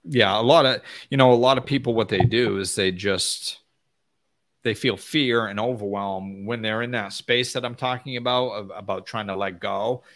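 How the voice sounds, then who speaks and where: A man's voice: steady tone, moderate pace, fairly bright tone. Blunt, emphatic man giving a spiritual talk. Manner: blunt and emphatic, often acts out whiny high-pitched voices. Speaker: spiritual teacher. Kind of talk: unscripted motivational talk to an audience.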